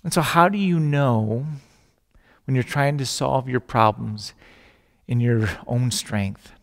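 A man's voice: medium pitch, slow, in a large hall. A man preaching a sermon as a pastor, telling stories with jokes and acting out the voices in them. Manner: storytelling with jokes, acts out voices in quotes.

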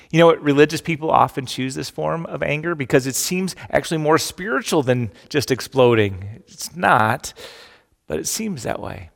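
Middle-aged male pastor, animated sermon delivery, slightly high voice, reverberant hall. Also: moderate pace, gravelly. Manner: animated, emphatic preaching with acted-out quotes.

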